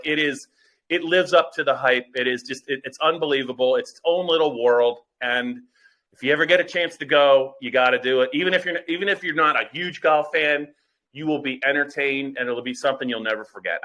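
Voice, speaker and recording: A man's voice: a little high, pushed and bright. A middle-aged man co-hosting a podcast in casual chat, agreeable and chiming in with short replies. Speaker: podcast co-host.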